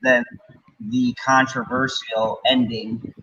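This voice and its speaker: Guy with a bright forceful voice co-hosting a stream, slightly dull audio. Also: medium pitch, flat delivery, slightly rough. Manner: reads headlines aloud haltingly. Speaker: podcast co-host. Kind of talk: casual chat on a stream.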